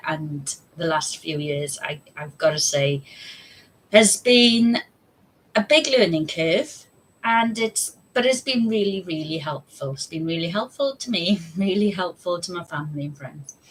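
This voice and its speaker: A woman's voice: on the low side, lively intonation, a little slow, a bit bright, a little hiss or hum, rough recording. A woman, telling her own story on a live stream in a chatty, candid way. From United Kingdom. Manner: chatty and candid, with frequent fillers and laughs.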